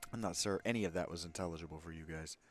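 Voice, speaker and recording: A man giving casual, joking commentary over a video game in quick, quiet asides. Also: low voice, soft background music. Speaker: gameplay commentator.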